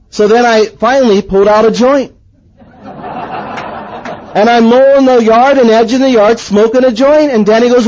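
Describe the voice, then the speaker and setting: A man preaching a sermon and telling his own story in a lively way, swinging from excited to hushed. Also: very high-pitched, moderate pace, highs cut off. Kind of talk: sermon with personal testimony.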